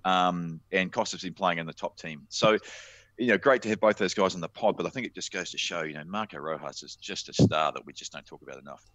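A New Zealand man co-hosting a football podcast, brisk and opinionated, calling people mate. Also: sits low, fairly bright tone, dry recording. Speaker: podcast co-host. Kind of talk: casual sports chat.

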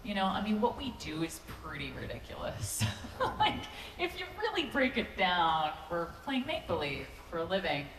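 A woman's voice: fairly low pitch, sing-song, moderate pace. A woman actor answering fan questions on a convention panel, playful and self-mocking, laughing often as she talks into a handheld microphone. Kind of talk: relaxed, joking panel talk. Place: large convention hall. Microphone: handheld microphone on stage. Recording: echoey convention hall with loud background noise.

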